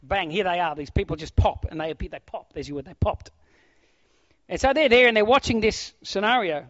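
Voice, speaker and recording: A middle-aged man preaching a sermon, swinging from loud exclamations to hushed, almost whispered lines. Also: sits high, fairly quick, dry recording. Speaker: pastor. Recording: dull, dry lo-fi sound.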